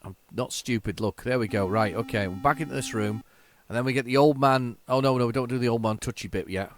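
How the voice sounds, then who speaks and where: A man giving casual, excitable, self-mocking commentary while playing an old computer game. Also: mid-range voice, quick pace. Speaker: retro game tape reviewer.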